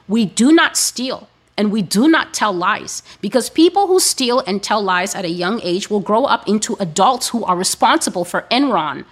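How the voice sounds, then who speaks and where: A woman giving a sermon-style teaching, speaking in a slow, emphatic and deliberate way. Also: mid-range voice, a bit bright. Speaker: preacher.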